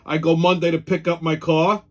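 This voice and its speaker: A man's voice: fairly high pitch, level tone, normal speed. A middle-aged man, hosting a casual monologue show, blunt, profane and ranting. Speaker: podcast host.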